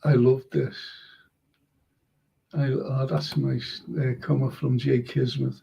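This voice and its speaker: A man's voice: mid-range voice, little pitch movement, slow, creaky, warm tone, husky, low-quality recording. An older man with a Liverpool accent hosting a casual live-stream chat show, rambling and reading out viewers' comments. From Liverpool, England. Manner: chatty and rambling, reads out comments, laughs easily. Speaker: host of online history and chat show.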